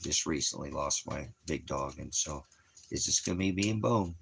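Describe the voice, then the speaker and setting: A man talking casually at home in a rambling, halting way that trails off. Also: rumbling low, vocal fry, fairly bright tone, slight background noise. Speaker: vlogger. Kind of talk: casual personal talk to camera. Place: at home indoors.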